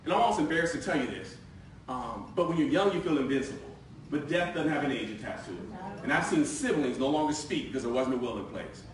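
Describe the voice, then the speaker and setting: A man in his forties giving a lively, joking live sales presentation to a room, talking conversationally. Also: medium pitch, quick pace, slight background noise. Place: meeting room with audience. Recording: very echoey room from far off.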